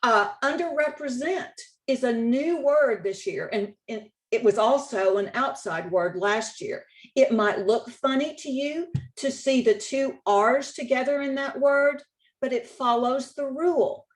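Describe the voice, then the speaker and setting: Working through her slides, the state spelling contest director teaches with a slow, careful delivery in a slightly high voice. She emphasizes key words and rules, goes over points again for emphasis, and restarts now and then.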